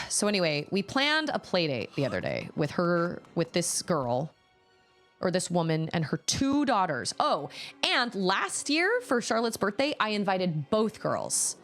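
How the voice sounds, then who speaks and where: Woman streamer, 30s, low voice with big swoops, rambling self-conscious chat over faint game music. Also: wildly swooping pitch, measured pace, fairly bright tone. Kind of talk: casual storytelling while playing a game.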